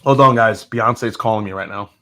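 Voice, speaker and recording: A man's voice: fairly low pitch, moderate pace, background noise. A man hosting a live whiskey-tasting stream, chatting casually and joking as he answers viewer comments. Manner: candid, joking, with frequent restarts and laughs.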